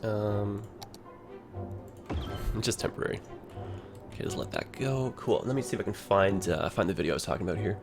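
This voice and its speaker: Guy streaming a game, rambling casual chat, animated pitch, faint music underneath. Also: fairly quick, vocal fry, pauses often. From Ontario, Canada. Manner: rambling, chatty, heavy use of "like". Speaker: livestream host. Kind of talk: casual game livestream commentary.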